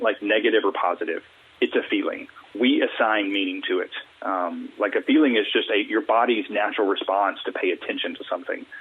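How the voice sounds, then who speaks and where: A man from the US Deep South, a mental wellness coach, talking earnestly and acting out quoted small talk. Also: slight background noise. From Alabama, US Deep South. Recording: tinny phone line, husky.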